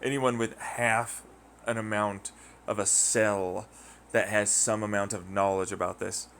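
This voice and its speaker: A man's voice: lowish voice, little pitch movement, a little slow, fairly bright tone, slight background noise. A man ranting casually and profanely, rambling through a story and acting out quoted voices in mocking tones. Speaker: podcast host. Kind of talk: casual rant.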